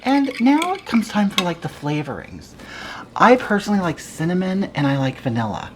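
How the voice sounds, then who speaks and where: Woman playing a low, swooping, theatrical home cook. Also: very animated, moderate pace, noisy background. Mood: chatty. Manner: theatrical, rambling, swooping sing-song emphasis. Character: dramatic self-styled glamorous home cook woman. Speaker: cooking show host. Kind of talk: comedic cooking show.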